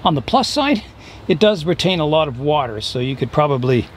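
A man casually explaining his bonsai work as he goes, relaxed and thinking aloud with a few fillers. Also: a little high, brisk, a little hiss or hum. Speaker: bonsai hobbyist vlogger. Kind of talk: casual how-to narration.

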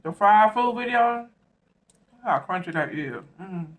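A woman's voice: medium pitch, a little slow. Chatty Southern woman eating on camera. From Southern United States. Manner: relaxed and chatty, talks between bites, says "y'all" often. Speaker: mukbang host. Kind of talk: casual eating-show chat.

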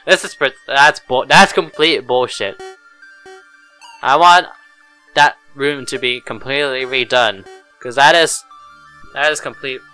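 Bright-voiced man swearing through a game. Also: medium pitch, a little slow, long pauses, clear, resonant tone, faint music behind. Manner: swears a lot, loud frustrated outbursts; mutters and groans to himself. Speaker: player commentating custom game levels. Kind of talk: let's play commentary.

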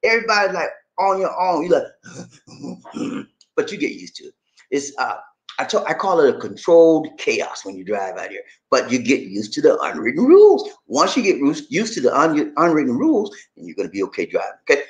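A man from the USA giving casual, joking advice as a vlogger, full of streetwise slang and quick laughs. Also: a little high, big pitch swings.

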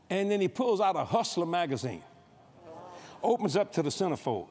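Man, preacher, comic storytelling, high voice, sweeping pitch, noisy sound effects. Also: normal speed, breathy edge. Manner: animated, acts out scenes with sound effects. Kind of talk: humorous sermon storytelling. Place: convention stage before a live audience.

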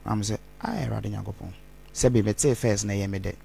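A man speaks low in his range, his gravelly voice rough with fry. He rambles through an interview and slips Twi phrases into his English. A faint hum of noise sits behind him. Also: fast, dark tone. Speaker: interview guest. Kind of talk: candid interview talk.

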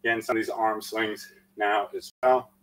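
In a lowish, fairly bright voice with little pitch movement, a man leads a live-streamed workout at normal speed. Winded from exercising, he calls out countdowns, encourages viewers, and chats with many fillers. The audio is poor.

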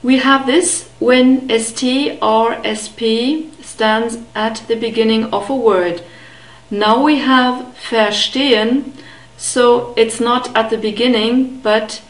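A woman teaching a beginner language lesson, carefully modeling sounds and repeating words slowly. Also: a little high, steady tone, roomy sound, rough recording. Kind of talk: slow, deliberate pronunciation lesson.

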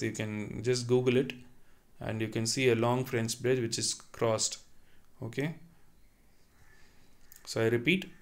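A man teaching a French lesson, reading sentences and then translating and repeating them patiently. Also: medium pitch. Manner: slow and deliberate, repeats and explains each line. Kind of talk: online language lesson.

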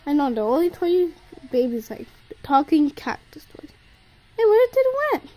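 A woman's voice: sits high, big pitch swings, normal speed, warm tone, poor audio. A woman narrating playful pretend play with toys, talking in a sing-song way to a toy baby.

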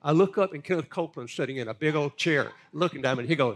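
An older man, a pastor telling folksy stories in a lively, animated way. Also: fairly high pitch, fast talker, hardly any pauses. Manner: animated, folksy storyteller with big laughs. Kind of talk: storytelling sermon talk.

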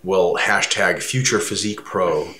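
Co-hosting a casual fitness chat, this coach speaks in an unhurried but animated, emphatic way, his voice climbing high each time he drives a point home. The room adds a noticeable echo.

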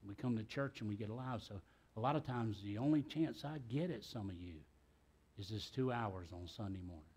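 A man's voice: on the low side, brisk, darkish tone, slightly rough. A middle-aged man, preaching a sermon in a church in a folksy, talkative way with joking asides. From South Carolina, US. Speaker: pastor. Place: church sanctuary.

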